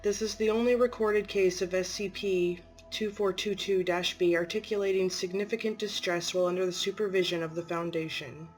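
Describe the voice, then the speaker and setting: A woman narrating a horror story in an even, matter-of-fact reading. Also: medium pitch, fairly quick, few pauses, soft background music.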